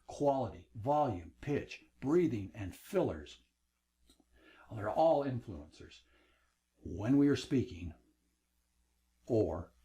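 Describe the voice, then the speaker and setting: A man's voice: mid-range voice, mellow. A middle-aged man teaching a recorded lesson on speaking, lecturing with varied emphasis. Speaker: instructor.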